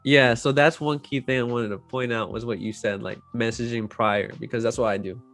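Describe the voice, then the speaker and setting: A man hosting a casual chat, speaking profanely with lots of filler words, mostly low-key with loud outbursts. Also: fairly even intonation, brisk, faint music behind. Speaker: host.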